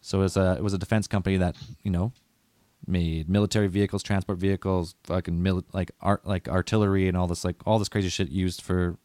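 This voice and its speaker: A man's voice: deep voice, level tone, fast talker, a little mellow, no echo, clean studio sound. A man hosting a casual conspiracy podcast, rambling and swearing as he walks through what he read. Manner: rambling, profane, loses his notes. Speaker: podcast host.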